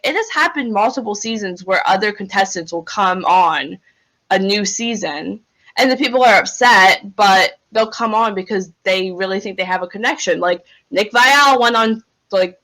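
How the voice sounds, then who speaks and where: A woman co-hosting a podcast, talking fast and with animation in casual chat, saying "like" often. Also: mid-range voice, fairly bright tone, low-quality recording. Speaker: podcast co-host.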